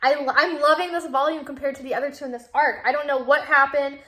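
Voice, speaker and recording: A woman with a high voice talks through her reading in a casual vlog. She gushes and rambles excitedly, with plenty of swearing mixed into her chat. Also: fast talker. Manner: excitable, gushing, swears freely. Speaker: vlogger. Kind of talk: casual book-reaction chat.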